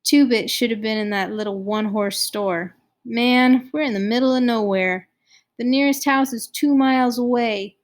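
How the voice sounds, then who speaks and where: A woman's voice: a little high, moderate pace, close to an everyday voice. A woman voicing a scared, guilt-ridden teenage boy who talks in a quavering, pleading way. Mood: distressed.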